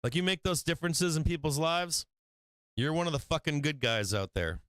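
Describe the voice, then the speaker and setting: A man's voice: a little high, normal speed, fairly bright tone, clear, resonant tone, no room sound. A man hosting a stock trading livestream in casual chat, rambling and swearing freely, often breaking into laughter.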